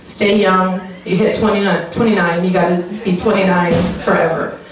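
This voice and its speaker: An American stand-up comic in her 30s, playing a pushy skincare advertiser mid-set, speaks at a moderate pace with a fairly low pitch and steady tone. Her manner is brash, profane, and conversational, like she's telling a story. The live comedy venue sounds echoey, captured from a distance, with crowd noise from the audience.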